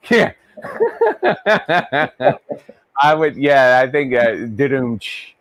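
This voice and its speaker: A man's voice: medium pitch, wildly swooping pitch, extremely slow, no echo. Chatty male host with a dry sound. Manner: chatty, laughs often. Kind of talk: casual live-stream chat.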